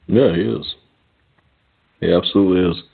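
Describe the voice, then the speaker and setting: A man co-hosting a casual online talk show, profane and animated, joking about himself as a troll. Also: deep voice, normal speed, vocal fry, husky. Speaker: podcast co-host. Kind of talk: casual chat. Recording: tinny phone-line audio.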